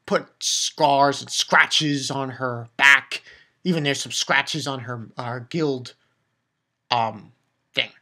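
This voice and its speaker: A man casually recapping a manga chapter, rambling and swearing, with many restarts and bursts of excitement. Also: mid-range voice, slow pace.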